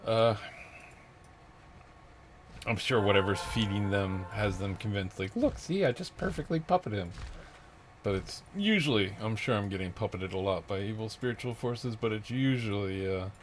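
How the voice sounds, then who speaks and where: At a moderate pace and in a lowish voice, a man vlogs a rambling rant, out of breath and restarting often with bitter laughter between thoughts. The recording picks up a noisy background with vehicle sounds.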